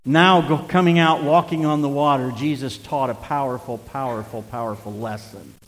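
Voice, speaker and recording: A man's voice: medium pitch, moderate pace, in a large hall. A male pastor preaching a conversational sermon to his congregation, mixing Bible reading with self-deprecating asides. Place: church sanctuary.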